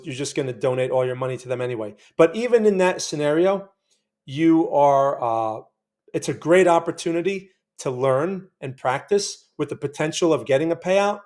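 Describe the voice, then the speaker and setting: A man's voice: fairly high pitch, fairly quick, darkish tone. A man hosting a live day-trading stream, talking viewers through his trades and reacting emotionally as the chart moves. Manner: chatty, keeps asking viewers to remember. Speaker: trading channel host.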